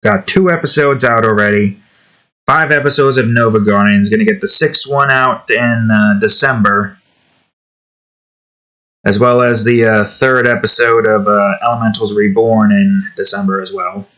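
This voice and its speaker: Bright-voiced man chatting while he draws. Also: lowish voice, normal speed. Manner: rambling, offhand, self-deprecating. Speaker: artist and channel host. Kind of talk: casual chat while drawing.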